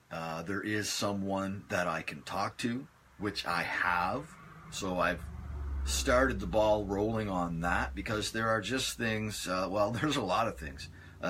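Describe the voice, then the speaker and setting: A man hosting a casual live stream from his phone, chatting in a relaxed, rambling way as he answers viewer comments. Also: deep voice, slightly rough.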